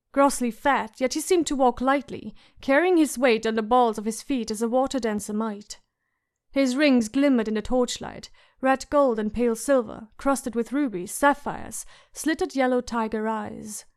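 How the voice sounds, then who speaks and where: A woman narrating an audiobook in a measured, suspenseful way. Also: fairly high pitch. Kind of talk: scripted narration.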